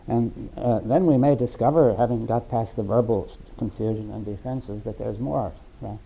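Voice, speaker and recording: A man in a philosophical discussion, talking haltingly and often checking in with "right?" and "you see". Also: mid-range voice, vocal fry, warm tone, breathy edge, poor audio. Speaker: discussion participant.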